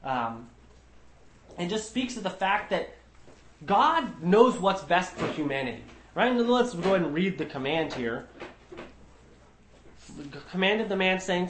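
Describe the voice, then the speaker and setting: A man's voice: on the high side, expressive, normal speed. Emphatic man teaching a Bible study. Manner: earnest, emphatic, with frequent restarts. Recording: roomy echo.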